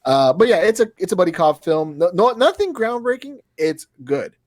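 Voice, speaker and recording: A man in his thirties co-hosting a podcast, excitable and swearing freely, his pitch jumping up when he gets worked up. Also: normal speed, no room sound, studio quality. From Europe. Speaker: podcast co-host. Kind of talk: casual chat.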